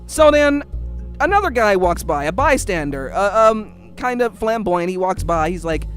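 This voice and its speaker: A man's voice: a little high, lively intonation, a little fast, soft background music. A man angrily telling a story about a bad night, swearing often and acting out what people said. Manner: angry, profane ranting. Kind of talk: casual storytelling.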